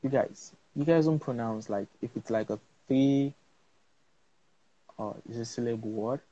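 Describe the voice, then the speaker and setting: A man hosting a casual live-stream interview, playful and lively, often repeating words. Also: mid-range voice, unhurried, highs cut off. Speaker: interview host.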